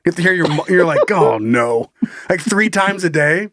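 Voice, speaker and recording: A man's voice: sits high, a little fast, pushed and bright, no room sound, studio quality. A young man co-hosting a crude comedy podcast, swearing freely, giggling, and breaking into silly voices. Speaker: podcast co-host.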